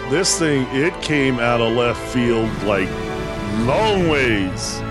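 A man co-hosting a casual podcast, reacting with animated emphasis. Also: mid-range voice, takes it slowly, music in the background. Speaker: podcast co-host.

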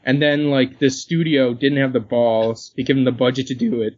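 Husky jokey man on a podcast. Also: mid-range voice, little pitch movement, moderate pace, a little mellow, dry recording, dull audio. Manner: jokey, slips into silly put-on accents while reading. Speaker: podcast co-host. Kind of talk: casual chat, reading listener mail.

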